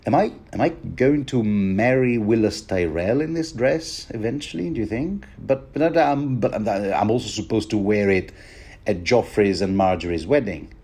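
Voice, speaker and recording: A dreamy, naive teenage girl musing aloud about herself, as a man puts her on. The voice sits a bit higher than his own deep tone and floats along in a wondering, self-questioning way. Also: expressive, moderate pace, a little mellow, breathy edge.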